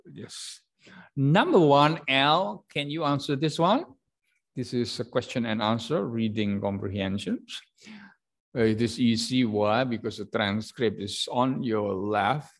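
Indonesian guy teaching english class, kinda low voice, slow, lots of uh, reads the dialogue out in a higher voice. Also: gravelly. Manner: hesitant, many fillers, reads dialogue aloud with lifted pitch. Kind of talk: online classroom lesson.

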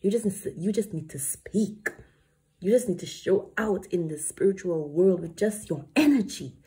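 Female tarot reader, deeply husky and mellow, emphatic and preachy, curses freely. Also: animated, moderate pace. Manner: emphatic, preachy, swears casually. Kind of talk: spiritual tarot reading.

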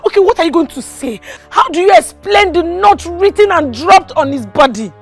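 A woman's voice: extremely high pitch, expressive, normal speed, faint music behind. An actress playing an agitated young Nigerian woman who insists on her accusation. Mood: insistent. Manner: insistent, repeating herself.

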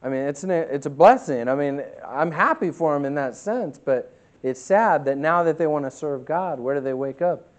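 Male pastor, higher voice, emphatic sermon delivery that swings between loud and quiet. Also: animated. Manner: reads scripture slowly and deliberately.

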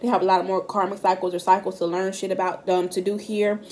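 Speaking fast in a mid-range, darkish voice with flat delivery, this tarot card reader gives a casual reading to camera. She addresses viewers directly in a blunt, profane way, captured on the camera mic.

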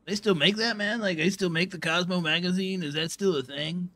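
A man voicing a dim-witted young bro character in a roleplay game, rambling and halting, calling everyone bro and man. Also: high voice, bright, forceful tone. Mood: dopey rambling. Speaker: roleplay streamer.

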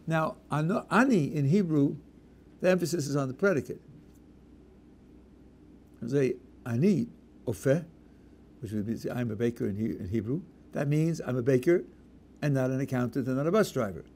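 A man's voice: medium pitch, normal speed, pauses often, darkish tone, a little hiss or hum. A man, a rabbi, answering audience questions in a lecture, emphatic and explaining with worked examples and repeated stresses.

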